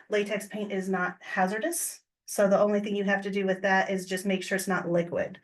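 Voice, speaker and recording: Midwestern American woman, mid-pitch, casual explainer, off-mic in a meeting room. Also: far from the mic. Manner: casual, explanatory, frequent ums. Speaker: county waste program staff. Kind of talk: public meeting report. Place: county government meeting room.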